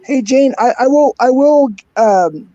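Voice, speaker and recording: A man's voice: very high voice, animated, a little slow, dark tone, no echo, highs cut off. An older man co-hosting a casual livestream, easygoing, greeting chatters by name and chuckling, his voice worn and going. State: losing his voice. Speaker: co-host.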